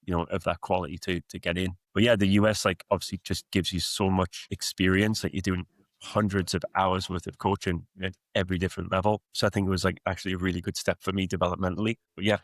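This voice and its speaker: A man in his thirties with a softened Geordie accent, reflecting on his coaching path in a casual podcast interview, rambling with many fillers. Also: deep voice, flat delivery, fast talker, no echo. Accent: Geordie, softened by years in the US. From Newcastle, England. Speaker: guest, football coach.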